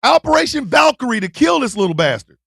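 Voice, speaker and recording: A man hosting a live stream, ranting loudly and profanely, shouting and laughing, then dropping to a mutter. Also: very high-pitched, very animated, fast talker, gravelly, breathy edge, dry recording, clean studio sound.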